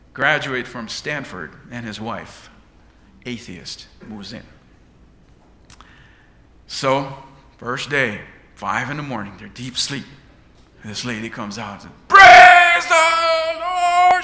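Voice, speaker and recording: Male preacher, lively and bright, dramatic sermon delivery; echoey church hall. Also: medium pitch, slow pace, long pauses, slight background noise. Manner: dramatic, rising and falling delivery.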